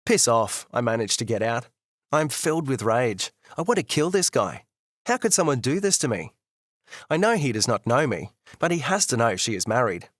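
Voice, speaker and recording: A man narrating a first-person audiobook in an expressive, bitter, candid way. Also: medium pitch, brisk, no echo, clean studio sound.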